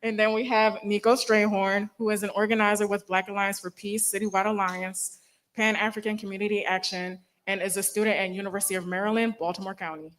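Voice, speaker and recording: A woman moderating a symposium, reading speaker introductions in a steady, measured way. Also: medium pitch, slight background noise, poor audio.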